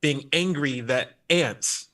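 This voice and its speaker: A man's voice: mid-range voice, takes it slowly, distant mic. A man hosting a casual radio panel chat, joking and putting on mock voices. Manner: animated, jokey, mock voices of God. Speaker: radio show host.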